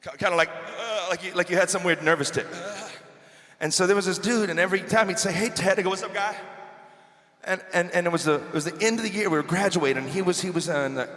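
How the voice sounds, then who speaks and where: A man's voice: high voice, fast, fairly bright tone. A man in his forties, a bar singer chatting and telling stories to the crowd between songs, on a stage microphone. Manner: chatty, joking storyteller working the crowd. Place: bar stage with live band. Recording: echoey live bar room with music. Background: band music and guitar.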